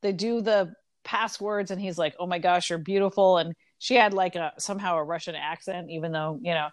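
A woman's voice: lowish voice, fairly quick, no echo. A woman casually retelling a story in conversation, acting out the characters' lines with lots of ums. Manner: animated retelling with quoted voices, frequent ums.

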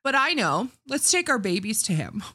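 Animated blunt podcast woman. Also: on the high side, normal speed. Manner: blunt, mock-outraged, swears. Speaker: podcast co-host. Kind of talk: casual podcast chat.

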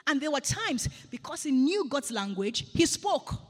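A woman's voice: high voice, big pitch swings, unhurried, big-room sound. A woman preaching a sermon in a church, earnestly repeating phrases for emphasis.

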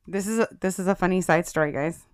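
A woman co-hosting a podcast, telling a personal story in casual chat. She is animated, laughs often and addresses the listeners as guys. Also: on the low side, fast talker, clean tone. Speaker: podcast co-host.

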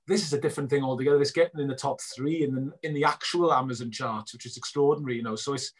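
Man, middle-aged, animated storyteller, husky, quick delivery. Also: medium pitch. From Wales. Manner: animated storyteller acting out both sides of conversations. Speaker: guest filmmaker. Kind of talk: casual interview chat.

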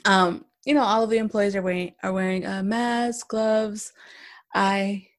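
A woman co-hosting a casual podcast, candid and blunt, telling animated stories from her workday. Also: mid-range voice, measured pace. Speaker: podcast co-host.

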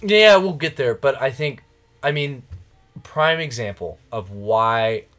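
Man, podcast host, casual rambling chat, joking around, mid-pitched voice. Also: lively intonation, takes it slowly, fairly bright tone. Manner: rambling, jokey, laughs often.

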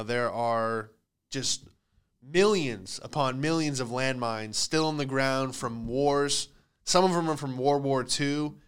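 A man in his thirties with a smooth, resonant voice and middle pitch holds a casual comedic monologue. He slips into voices for the people in his stories, then drops back to his own easy talk. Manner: animated storytelling with put-on voices for quoted people. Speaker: comedian podcast host.

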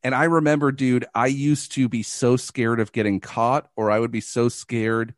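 A man's voice: mid-range voice, flat delivery, normal speed, no room sound. Rambling, swearing man, dry sound. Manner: profane, rambling. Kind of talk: casual chat.

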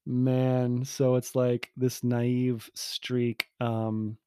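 A man's voice: mid-range voice, little pitch movement, extremely slow, mellow, clear, resonant tone, dry recording, studio quality. A man telling a personal story in a casual monologue, rambling and self-interrupting, candid and poking fun at himself.

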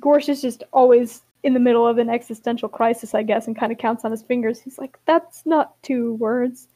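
A young woman hosting a podcast, recapping a story in an animated, giggly way. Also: a little high, quick pace. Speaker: podcast host. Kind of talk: casual chat.

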